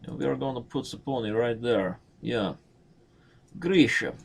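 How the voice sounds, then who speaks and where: A man's voice: mid-range voice, moderate pace, creaky, a little mellow. A man in his thirties giving casual, joking live-stream commentary as he plays, thinking aloud and mocking his own moves. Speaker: chess streamer.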